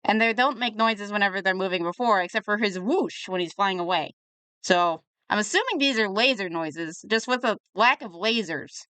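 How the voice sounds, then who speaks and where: A woman's voice: mid-range voice, animated, normal speed, pushed and bright, clean tone, no echo. A young woman reviewing a webcomic in casual, sarcastic commentary, a little tipsy from drinking. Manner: chatty and sarcastic, riffing on the comic.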